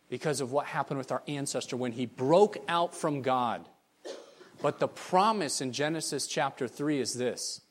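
A man preaching a sermon as a missionary, telling stories in an animated, emphatic way. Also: mid-range voice. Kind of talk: storytelling sermon.

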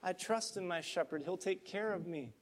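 A preacher voicing a calm trusting sheep. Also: male voice, high voice, moderate pace. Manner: gentle, reassuring.

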